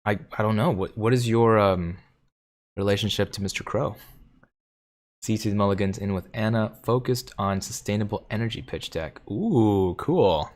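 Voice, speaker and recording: Male livestream host, lower register, casual and jokey, answers viewers' chat. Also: normal speed. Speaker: stock market livestream host.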